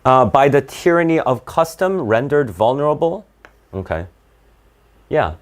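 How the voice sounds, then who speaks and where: A man's voice: mid-range voice, big pitch swings, a little slow. A man teaching an SAT class, explaining in bursts and checking in with "right?" and "okay?". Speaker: SAT tutor. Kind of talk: live online class lecture.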